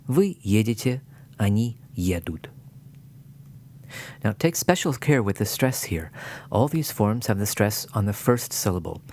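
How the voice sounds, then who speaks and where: A man teaching a language lesson in clear scripted narration, with dry humor. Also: fairly low pitch, a little mellow.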